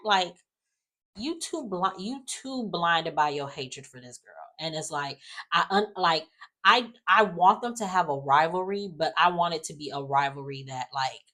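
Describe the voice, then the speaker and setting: A woman chatting casually in a sassy, animated way, sighing and acting out lines in quotes. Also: deep voice. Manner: animated, sassy, acts out characters in quotes, frequent sighs. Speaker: soap opera recap vlogger. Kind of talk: casual recap chat.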